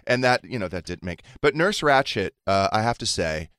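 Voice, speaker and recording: Dramatic gossiping man, fairly low voice. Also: big pitch swings, normal speed, a bit bright, no room sound, studio quality. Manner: dramatic storyteller, acts out quotes in big voices. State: recovering from a fever. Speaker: podcast host. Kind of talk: casual chat.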